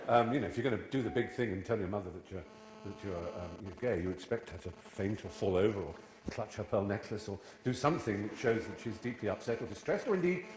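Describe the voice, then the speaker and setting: The recording carries background noise and the echo of a large church hall, where a man in his fifties speaks as a guest to a live audience. His voice sits on the low side as he tells witty, digressive stories.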